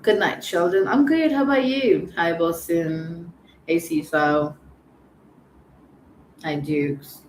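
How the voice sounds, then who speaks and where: Slow, with long pauses, the woman speaks in a lowish voice while hosting a casual livestream, teasing and greeting viewers by name. Her echoey room carries faint ambient noise.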